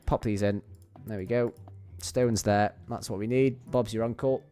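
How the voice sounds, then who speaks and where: A man's voice: fairly low pitch, fairly even intonation, normal speed, mellow, clean tone, faint music behind. A young man streaming a game from his bedroom, chatting playfully and rambling to his viewers. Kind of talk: casual chat while gaming. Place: home bedroom.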